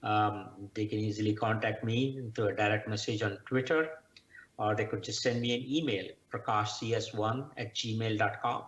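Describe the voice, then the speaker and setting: Man explaining slowly over roomy, dull audio. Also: on the low side, fairly even intonation, fairly bright tone, a little hiss or hum. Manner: measured, explanatory, with frequent "uh" pauses. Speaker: guest scientist. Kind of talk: interview answers.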